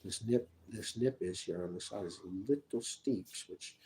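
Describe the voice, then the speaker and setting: A man in a rambling personal monologue, halting and restarting with repeated words. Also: low-pitched, dark tone, slight background noise, poor audio.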